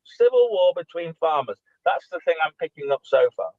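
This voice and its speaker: A man co-hosting a talk show, chatting in an animated way and repeating words as he thinks. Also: on the high side, brisk, dry recording. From United Kingdom. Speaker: co-host. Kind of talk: casual talk show chat. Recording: dry tinny phone-like line.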